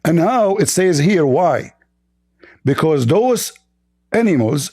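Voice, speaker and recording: A hoarse man hosting a live online debate. He shouts and hammers the same insults again and again, his voice pitched fairly high. The sound is close and dry. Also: no room sound. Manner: shouting, insulting, repeats himself. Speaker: debate show host.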